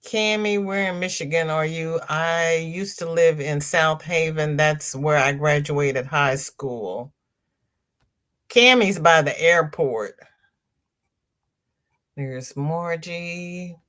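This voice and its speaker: Low-pitched and taking it slowly, a middle-aged woman chats warmly on her laid-back crochet livestream. She reads out viewer comments, calls her audience "girl" and "honey," and often says um or starts over.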